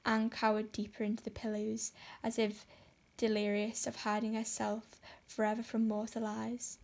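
A woman narrating a classic novel in steady, measured storytelling. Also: a little high, vocal fry. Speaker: audiobook narrator. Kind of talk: scripted narration.

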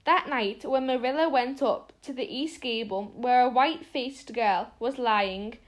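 A woman's voice: on the high side, measured pace. A woman reading a classic storybook aloud with expression, often tripping on words and restarting. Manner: expressive reading with frequent small stumbles and restarts. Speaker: narrator.

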